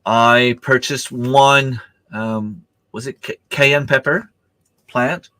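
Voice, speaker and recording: A man's voice: medium pitch, steady tone, takes it slowly, bright, forceful tone, no echo. A middle-aged man, hosting a casual livestream chat, rambling with many fillers and restarts while he has the hiccups. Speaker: livestream host.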